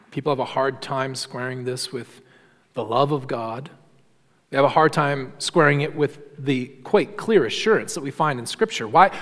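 A man preaching a sermon in earnest, shifting between quiet low passages and raised emphatic ones, often repeating words as he restarts. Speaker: pastor. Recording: long hall reverb.

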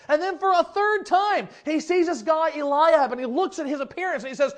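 A male preacher with a notably high voice delivers a sermon in a lively, chatty manner. He jumps from loud emphatic bursts to quiet, hushed asides. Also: a little fast, hardly any pauses. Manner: animated, conversational, swings from loud to hushed.

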